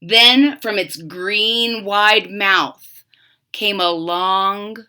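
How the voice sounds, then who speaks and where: A young woman reading a children's picture book aloud expressively, pausing to explain the pictures. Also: mid-range voice, smooth. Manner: expressive storytelling with explanatory asides. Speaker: storybook reader.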